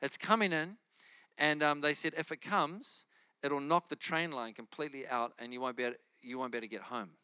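A man preaching and telling a testimony story in an animated way, often laughing as he talks. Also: on the high side, fairly quick, clean tone, no room sound, clean studio sound.

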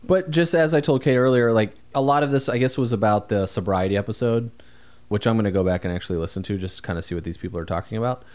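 A man's voice: lowish voice, fast talker, a little mellow. A man co-hosting a podcast, talking in a rambling, easygoing, self-deprecating way. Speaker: podcast co-host. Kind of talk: casual podcast chat.

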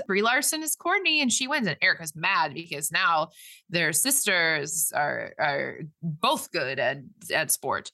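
A woman's voice: low voice, big pitch swings, measured pace, creaky, bright, forceful tone, no echo. A woman casually retelling a movie plot in a chatty podcast conversation, rambling with lots of fillers and restarts. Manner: rambling, filler-heavy retelling with quoted voices. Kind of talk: casual movie recap chat.

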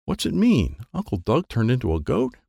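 A man's voice: medium pitch, huge pitch swings, normal speed, creaky, dark tone, slightly rough, no echo, studio quality, heavily acted. A man reading a children's audiobook, voicing an anxious aunt who keeps firing off worried questions. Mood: puzzled. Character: frantic middle-aged woman, the aunt. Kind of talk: audiobook character voice.

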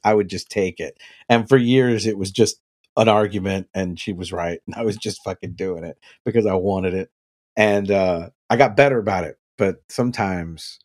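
A married man on a podcast, chatting casually, telling a story with lots of swearing and breaking into laughter. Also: on the low side. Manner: animated storytelling, laughs often, swears freely. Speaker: podcast co-host. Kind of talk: casual chat.

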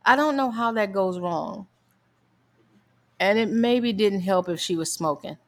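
A woman's voice: mid-range voice, a little slow. A middle-aged woman, a mother, animatedly telling a funny family story in casual chat and laughing often.

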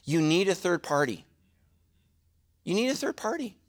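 A middle-aged man preaching a sermon as a pastor, animated and jokey, with quick asides to the congregation. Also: sits high.

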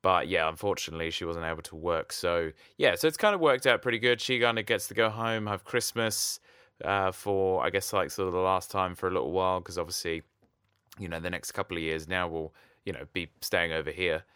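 Bright, crisp-voiced man bantering. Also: sits low, fairly quick, no room sound, studio quality. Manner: joking, banter-heavy, hesitant fillers. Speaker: podcast co-host. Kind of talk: casual chat.

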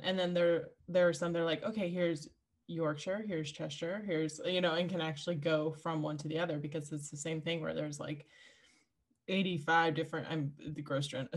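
A woman with a low voice co-hosting a casual podcast. She talks readily and with animation, tossing in quick asides as she goes. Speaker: podcast co-host. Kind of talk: casual chat.

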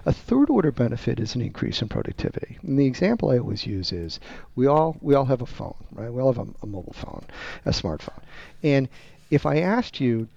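Gravelly man explaining on a podcast. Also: mid-range voice, sing-song, a little fast, darkish tone. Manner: emphatic, teacherly, acts out sample dialogue. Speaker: guest, research firm executive. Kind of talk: explaining sales method on a podcast. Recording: dull lo-fi dry sound.

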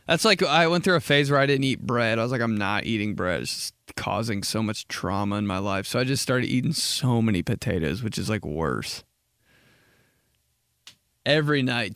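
A young man hosts a casual solo podcast, rambling, joking, and saying "like" a lot. His mid-range voice is smooth and fairly bright, captured in a dry recording with clean studio sound.

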